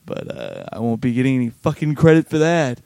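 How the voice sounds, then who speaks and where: Man, comedian, casual chat, laughs a lot, mellow voice, dry sound. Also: mid-range voice, huge pitch swings, a little fast, vocal fry, clean tone, dry recording. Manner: laid-back, laughs often, swears. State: tired. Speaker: stand-up comedian, podcast host.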